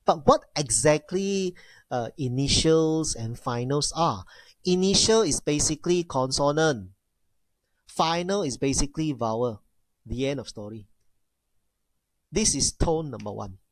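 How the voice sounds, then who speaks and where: Man, language teacher, unhurried, repeats himself, exaggerated tone demos, dry sound. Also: fairly high pitch, lively intonation, no room sound. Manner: repeats key phrases, addresses class as ladies and gentlemen; demonstrates tones with exaggerated sounds. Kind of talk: classroom lecture.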